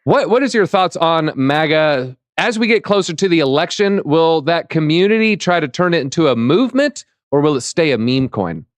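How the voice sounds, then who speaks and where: A man hosting a live crypto talk show, upbeat and reading out chat shout-outs. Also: fairly high pitch, expressive, moderate pace, few pauses, no room sound. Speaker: show host.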